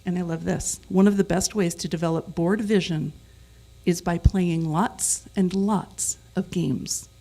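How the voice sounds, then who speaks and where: A woman's voice: on the low side, steady tone, unhurried, creaky, warm tone. A middle-aged woman giving a conversational sermon as guest speaker, leading the congregation in repeating phrases together. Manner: leads the congregation in call-and-response repetition; conversational, with self-corrections.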